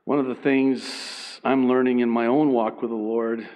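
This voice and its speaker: A man preaching a sermon as pastor, emphatic and swinging between loud and hushed. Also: mid-range voice, flat delivery, a little slow.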